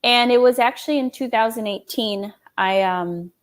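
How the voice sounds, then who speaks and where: Woman guest, fairly high voice, animated storytelling, frequent laughter. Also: normal speed. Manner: animated, laughs often, lively quoted dialogue. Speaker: guest, small business owner and designer. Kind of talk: conversational storytelling interview.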